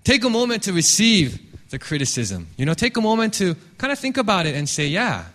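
A man's voice: sits high, fairly quick. A man preaching a sermon as a pastor, talking candidly and telling stories with restarts. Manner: animated, candid storytelling with frequent restarts.

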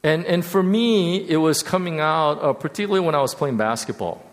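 A man giving a candid personal testimony, halting and restarting often, his voice dropping soft and low in tender moments. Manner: voice drops soft and low when emotional. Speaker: speaker sharing a personal testimony. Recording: long hall reverb.

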